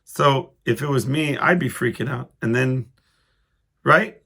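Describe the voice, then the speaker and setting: A man with a gravelly, creaky edge to his mid-pitched voice tells a story on his own podcast. He rambles, cuts himself off and restarts, and chuckles along the way. His tone stays loose and conversational. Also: measured pace, fairly bright tone. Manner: rambling, self-interrupting, chuckling as he goes. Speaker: podcast host. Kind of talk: casual storytelling monologue.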